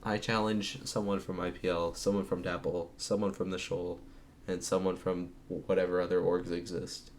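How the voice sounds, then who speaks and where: A man casting an esports match alone from home, calling plays and then talking more quietly so as not to wake others. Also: sits low, a little hiss or hum. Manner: rapid excited calls, then quieter. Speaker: esports caster. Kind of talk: solo play-by-play commentary.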